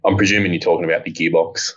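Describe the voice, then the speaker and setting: A low-pitched man in relaxed podcast chat. He rambles with plenty of fillers and swears offhandedly. The audio sounds muffled and lo-fi. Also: rapid-fire. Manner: rambling, laid-back, swears casually. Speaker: co-host, bike part designer.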